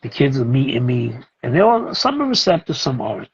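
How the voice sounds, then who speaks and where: A middle-aged man, a music producer and teacher talking as a guest in a casual interview, telling animated stories and acting out what others said. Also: mid-range voice, fairly quick, husky, muffled recording. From Brooklyn, New York. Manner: animated, acts out other people's lines as he tells a story.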